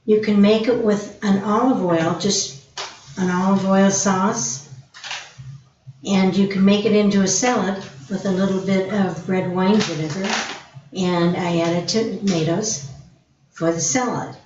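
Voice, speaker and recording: A woman cook demonstrating a pasta dish, explaining each step calmly. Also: medium pitch, unhurried. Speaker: guest cook. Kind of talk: cooking demonstration. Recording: roomy, distant, dull, faint hiss.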